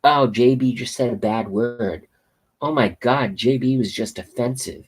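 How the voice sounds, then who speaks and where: A man rants about politics in a slow, unhurried drawl, swearing freely and hammering the same phrases again and again. His voice is husky and a little rough. He sounds like a regular commentator holding forth to his own audience. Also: medium pitch. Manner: profane, repetitive, rambling rant. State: hiccups. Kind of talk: ranting political monologue. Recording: outdoors, passing train nearby.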